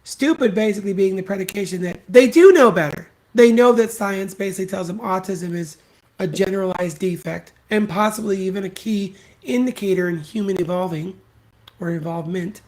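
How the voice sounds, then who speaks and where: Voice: medium pitch, a little fast, darkish tone. A solo podcast host delivering an opinion rant in a mid-range voice. The delivery is blunt and scornful, full of profanity, and leans on repetition to drive each point home. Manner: emphatic repetition.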